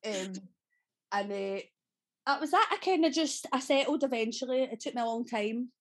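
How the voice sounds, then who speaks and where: A woman's voice: a little high, moderate pace. A Scottish woman in her thirties with a Glaswegian accent, an actress telling stories in a casual podcast interview, chatty, laughing often and swearing freely. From Scotland. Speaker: guest actress.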